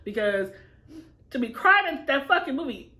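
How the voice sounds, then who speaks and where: Animated, bright-voiced young woman. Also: sits high, normal speed. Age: young adult. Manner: animated, profane storytelling with heavy swearing. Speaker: mukbang co-host, daughter. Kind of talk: casual chat.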